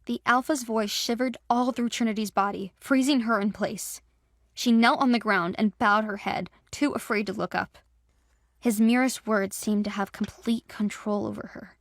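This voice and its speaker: A woman's voice: medium pitch, dry recording, studio quality. A woman narrating a fantasy audio drama with dramatic storytelling.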